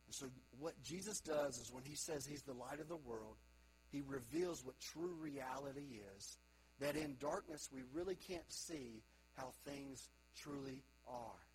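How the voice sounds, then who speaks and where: A man preaching a sermon to a congregation, moving between quiet reflective stretches and loud emphatic calls to young people. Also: mid-range voice, a little slow, slight background noise, poor audio. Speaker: pastor.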